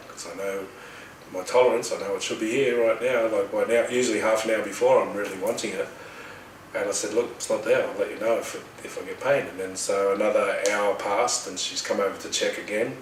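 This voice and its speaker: A middle-aged Australian man casually telling a personal story in a rambling, animated way, acting out the voices of the people in it. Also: fairly low pitch, roomy sound, far from the mic, slight background noise, poor audio. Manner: rambling, animated retelling with quoted dialogue. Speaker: healer telling his story.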